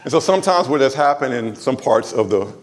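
Here an LA pastor preaches in a mid-range, expressive voice that moves a little fast. His sermon feels like a conversation with the congregation, full of humor and asides.

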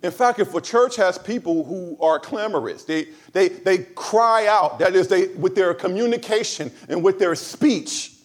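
A man preaching a sermon to his congregation, emphatic, moving between loud stressed phrases and low, quiet asides. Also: a little slow, few pauses. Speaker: pastor.

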